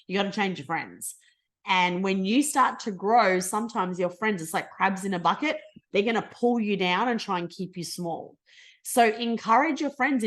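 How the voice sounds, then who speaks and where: Aussie woman in her middle years giving a pep talk to her team, gushing and chatty, speeds up then drags words out. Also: medium pitch. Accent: Australian. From Australia. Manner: bubbly, effusive, casual with swearing; speeds up and slows down a lot. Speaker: team leader presenting a business call. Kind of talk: motivational team call.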